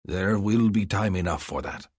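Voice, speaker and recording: A man's voice: deep voice, normal speed, darkish tone, breathy edge, dry recording, clean studio sound. A man voicing a stern but good-natured male alien chieftain who gives orders in an audiobook. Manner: warning, commanding. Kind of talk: audiobook character voice.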